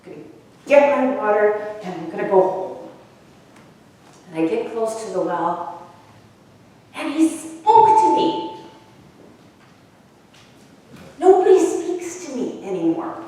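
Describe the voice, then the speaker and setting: A weary but bold outcast woman at a well tells her story with dry, conversational wit, as a woman pastor plays her in a sermon. The voice sits a little high and carries an Upper Midwest accent. It rings through a big echoing sanctuary, picked up from a distance with a long reverb tail. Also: very animated, unhurried, long pauses, dark tone. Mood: nervous. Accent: Upper Midwest American. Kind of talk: first-person dramatic monologue in a sermon. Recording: echoey hall from far off.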